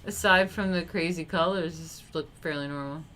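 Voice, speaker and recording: A woman's voice: low voice, normal speed, a bit bright, a little hiss or hum. A woman streamer giving casual, joking reaction commentary, swearing freely and laughing often.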